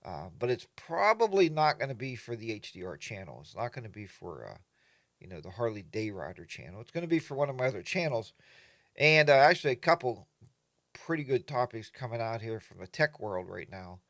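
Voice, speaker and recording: A man hosts a relaxed morning chat stream from his home studio, talking into a desk mic. His voice sits at an everyday pitch and sounds dry and close. He wanders from topic to topic with plenty of fillers. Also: fairly quick, dry recording. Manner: rambling, chatty, lots of fillers, greets viewers. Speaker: livestream host.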